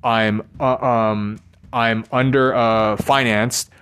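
A man talking through his frustrations in a rambling personal monologue, weary and halting, with frequent swearing. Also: mid-range voice, steady tone, fairly bright tone, slight background noise. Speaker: vlogger.

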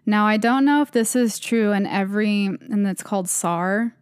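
This podcast co-host, a young woman, chats through creepy tales, drifting along and saying "like" constantly. She speaks at normal speed in a smooth, mid-range voice, captured with no room sound.

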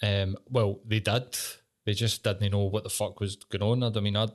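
A Scottish man with a fairly low voice, chatting casually as a podcast co-host. He banters, laughs often and swears without pause. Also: little pitch movement. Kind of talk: casual chat.

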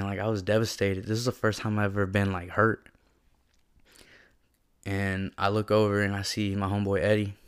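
Fairly low in pitch, his voice is clear and resonant. The young man reflects on a personal story in relaxed slang, saying "like" over and over, with an earnest, emotional feel.

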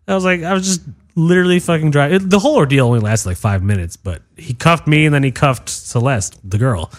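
Profane, animated man telling stories. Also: a little high, fast. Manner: animated, profane storyteller acting out quotes. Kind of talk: casual podcast chat.

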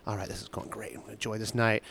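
A man's voice: lowish voice, level tone, rapid-fire, gravelly, a bit bright, slight background noise. A man in casual chat, a restaurant server, telling a wry, teasing story about a table of customers.

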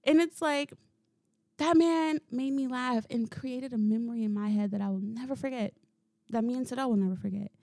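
A woman hosting a solo podcast, telling stories in a casual, animated way, swearing freely and laughing as she goes. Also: a little high, moderate pace, dry recording, clean studio sound. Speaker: podcast host. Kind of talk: casual solo storytelling monologue.

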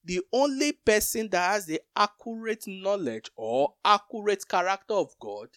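A man's voice: high-pitched, expressive, normal speed, fairly bright tone, no room sound, clean studio sound. A man co-hosting a Bible teaching talk, explaining scripture with everyday comparisons.

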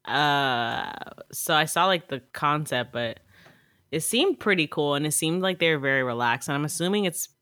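A woman's voice: sits low, lively intonation, normal speed, a bit bright, no room sound, clean studio sound. A woman co-hosting a podcast in casual chat, talking loosely with lots of "like" and frequent laughs. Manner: laughs often, chatty with lots of "like". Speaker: podcast co-host.

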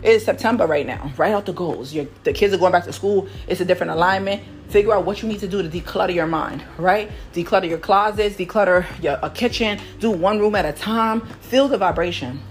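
A woman from Harlem talks fast in a loose, rambling podcast monologue as a manifestation coach, often tagging her points with "right?". She sounds slightly out of breath from cleaning the house. Faint music plays behind her. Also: lowish voice. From Harlem, New York. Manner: rambling, keeps asking "right?". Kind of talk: casual motivational monologue.

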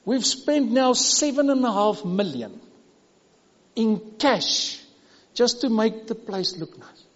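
High-voiced South African pastor preaching. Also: male voice, lively intonation, slow pace, big-room sound, muffled recording, slight background noise. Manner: emphatic, repetitive preaching with sudden drops to a hush. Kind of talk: sermon.

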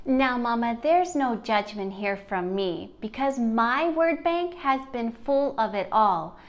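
A woman podcast host speaking to mothers in an encouraging, personal way. Her voice sits a little high, and she takes her time, letting each word land. She sounds like she is talking to one listener. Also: animated, slow pace, hardly any pauses. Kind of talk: faith-based motivational podcast talk.

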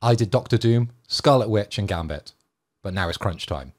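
Wry man hosting, fairly low voice. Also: expressive. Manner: wry, self-deprecating, brisk segment hosting. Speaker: podcast host. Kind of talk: casual banter among friends.

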